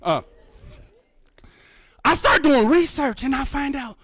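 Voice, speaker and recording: A man with a strikingly high, bouncing voice tells a story to a live audience, swinging from hushed asides to excited outbursts. He calls the crowd folks and acts out his own past reactions. The sound is close and dry. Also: takes it slowly, no room sound. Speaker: keynote speaker and birder. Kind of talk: animated storytelling talk. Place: museum event hall.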